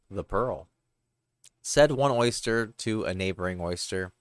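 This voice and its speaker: A man reading parables aloud, unhurried, with the odd slip and correction. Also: fairly low pitch, smooth, no room sound. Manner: unhurried, with occasional slips. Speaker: reader.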